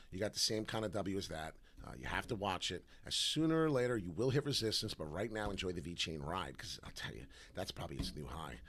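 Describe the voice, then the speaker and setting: A man giving casual crypto chart analysis, loose and animated, tossing in "right?" constantly, his voice rough in the morning. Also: low voice. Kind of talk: casual livestream chart talk.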